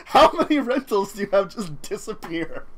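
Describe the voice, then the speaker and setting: A man's voice: high-pitched, sing-song, moderate pace, a bit bright, a little hiss or hum. A man running a tabletop game on stream, narrating casually, rambling and laughing often. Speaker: game master.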